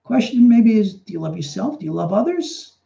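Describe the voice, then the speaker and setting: A man's voice: sits high, brisk, creaky. A man, a rabbi and teacher, answering viewer questions in a casual live talk, chatty and digressive, telling stories as he goes. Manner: chatty, animated storyteller, digresses freely. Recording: dull lo-fi livestream audio.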